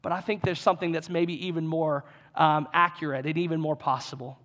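A man with a fairly high-pitched voice delivers a sermon. He talks in an earnest, conversational way and often restarts and repeats phrases for emphasis. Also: fairly even intonation, brisk, a bit bright. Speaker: pastor.

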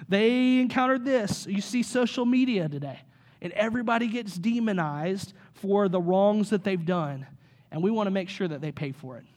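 A man in his thirties, a pastor, preaching a sermon in an energetic, conversational way with rhetorical questions. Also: high voice, normal speed.

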